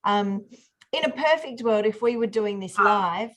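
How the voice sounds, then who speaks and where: A woman's voice: mid-range voice, animated, measured pace, a bit bright. A woman hosting an online group workshop over a video call, chatty, with many fillers and restarts. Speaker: workshop host.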